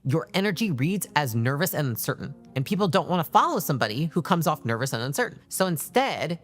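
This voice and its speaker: A woman giving direct, emphatic leadership advice in a motivational talk, acting out examples as she goes. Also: low voice.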